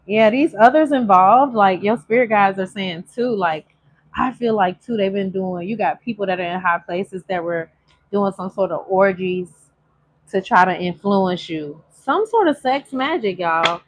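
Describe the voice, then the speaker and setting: A woman tarot reader, giving a casual, emotional spiritual reading to viewers and stretching some phrases out in a sing-song way. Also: mid-range voice. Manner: chatty, emotional, drawn-out sung phrases.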